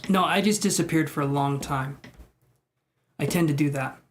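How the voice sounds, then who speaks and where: A man's voice: a little high, moderate pace. A man live-streaming tarot readings, chatting with viewers in a joking, self-deprecating way. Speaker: tarot reader.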